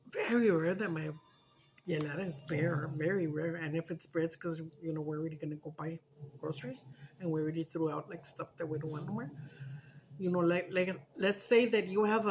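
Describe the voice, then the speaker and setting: A woman's voice: on the low side, a little hiss or hum. A woman chatting casually in a vlog, telling stories with feeling, swearing and slipping in Spanish. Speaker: mukbang vlogger. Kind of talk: casual storytelling chat.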